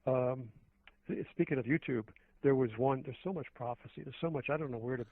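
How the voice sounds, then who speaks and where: A man's voice: mid-range voice, brisk, no room sound. Rambling man on a tinny phone line. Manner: rambling, earnest, many restarts. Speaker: guest. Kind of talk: phone-in talk radio conversation.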